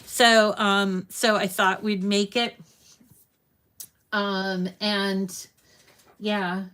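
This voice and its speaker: A woman hosting a casual crafting livestream, chatting warmly with viewers and reading their comments aloud. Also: medium pitch, little pitch movement, very slow, smooth. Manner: talks sweetly to her dogs in a raised voice.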